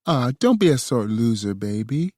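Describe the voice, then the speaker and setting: A man voicing a playful, teasing young woman in an audiobook, in a high, shrill put-on voice. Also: sing-song, normal speed, mellow, no echo, clean studio sound.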